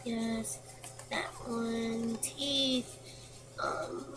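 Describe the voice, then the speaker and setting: A woman with a fairly high, level voice speaks very slowly as she plays a computer quiz game. She reads each question and answer out loud, mumbling to herself along the way, in a noisy home recording of relaxed gameplay commentary.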